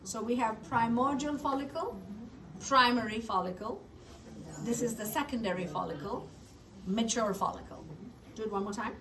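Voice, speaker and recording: A woman's voice: on the high side, moderate pace. A woman teaching a biology lab, drilling anatomy terms by repetition with short praise. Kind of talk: call-and-response anatomy review. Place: classroom lab. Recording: distant mic with classroom crowd.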